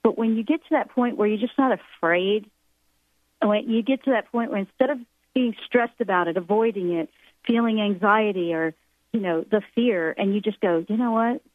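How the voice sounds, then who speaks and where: A woman's voice: mid-range voice, normal speed, dry recording. A woman speaks in an earnest, rambling way about the soul and fear. She comes through a thin, phone-like line. The sound is dry and close. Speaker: spiritual guest speaker. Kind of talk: radio call-in show talk.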